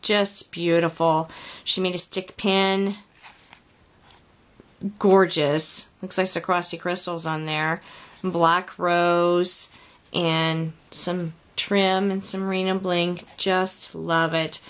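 A woman opening a craft gift box on her home unboxing vlog, gushing and softly exclaiming as she films in her craft room on a camera on a tripod. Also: fairly low pitch, level tone, slow.

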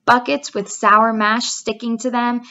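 A woman's voice: fairly high pitch, flat delivery, measured pace, sharp tone. Lady doing an old knowing sheep, coaxing, savors every word, muffled sound. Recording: dull lo-fi recording.

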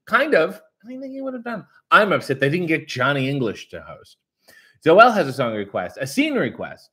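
A man's voice: on the high side, very animated, normal speed, fairly bright tone, breathy edge. A man hosting a casual livestream who reads out viewer comments in a jokey, sarcastic, rambling way. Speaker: livestream host reading chat. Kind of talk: casual live chat.

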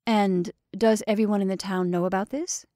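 A woman voicing a curious, polite young gentleman traveler who speaks eagerly and exclaims his questions. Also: mid-range voice, steady tone, moderate pace, no room sound, studio quality, lightly acted.

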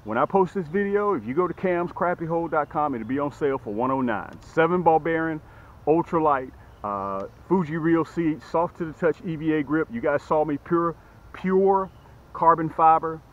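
A man hosting a casual fishing vlog, talking straight to his viewers as "guys", getting excited over each catch and promoting his own gear. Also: on the high side, normal speed, dull audio. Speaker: fishing vlogger. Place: on a boat outdoors, later in his office.

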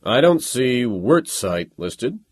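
A man's voice: medium pitch, big pitch swings, takes it slowly, husky, no room sound, studio quality, exaggerated voice. Man voicing a brusque, commanding military officer. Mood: stern, commanding. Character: stern, pompous military officer lecturing students.

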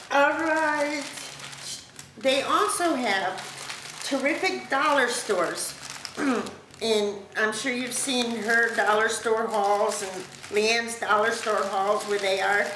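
A woman vlogger opening a craft package at home, gushing with thanks in a casual, excited chat. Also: on the high side, takes it slowly. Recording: echoey room with background noise.

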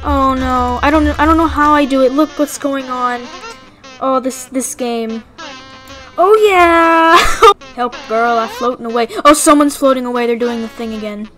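A woman giving playful, excitable let's-play commentary as she plays, often breaking into shrieks and giggles. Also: high voice, moderate pace, soft background music, low-quality recording. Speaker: gaming YouTuber.

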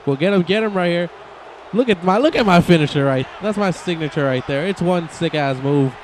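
Excitable young man commentating a wrestling game. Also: on the high side, fairly quick, a little hiss or hum. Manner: excitable, joking, swears often. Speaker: gaming channel host. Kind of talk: casual gameplay commentary.

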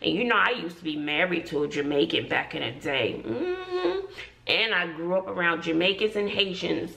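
A woman's voice: fairly low pitch, very animated, normal speed, vocal fry, a bit bright. A middle-aged woman from Brooklyn chatting casually to camera as a family vlogger, playfully slipping into a put-on patois and peppering her talk with "you know.". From Brooklyn, New York.

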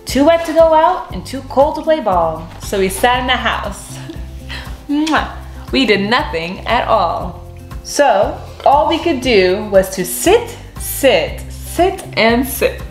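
A woman reads a children's picture book aloud in an expressive, storytelling way. Her voice is fairly high, slow-paced, and very lively in pitch. The sound is echoey, with soft music under it. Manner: expressive, animated reading.

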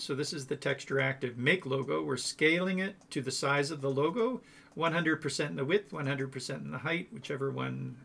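Gravelly man thinking aloud through code. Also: a little high, fairly bright tone. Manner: chatty, thinking aloud, self-correcting. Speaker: coding tutorial host. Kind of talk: casual screen-share code walkthrough.

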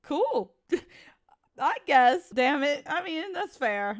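A woman streamer reacting to a cartoon in slangy, excitable casual commentary, swearing freely. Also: high voice, slow pace. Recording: cartoon audio playing loudly behind. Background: cartoon soundtrack music.

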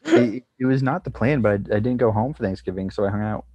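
Husky young man chatting casually. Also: lowish voice, fast talker, a little mellow, dull audio. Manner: rambling, laughing often. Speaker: comedian guest. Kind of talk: casual podcast chat.

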